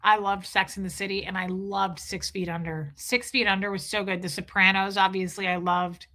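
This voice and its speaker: A woman's voice: medium pitch, little pitch movement, normal speed, bright, forceful tone. A woman live streaming in casual chat, gushing and rambling as she answers viewers' comments. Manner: gushing, enthusiastic, rambling with restarts.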